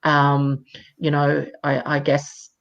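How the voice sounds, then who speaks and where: A woman with a low voice speaks over a video call that sounds dull and lo-fi. She talks in a measured, emphatic way, with frequent ums and restarts as she argues her point. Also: monotone, creaky. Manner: measured, emphatic, many fillers. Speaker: campaigner. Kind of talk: live chat interview.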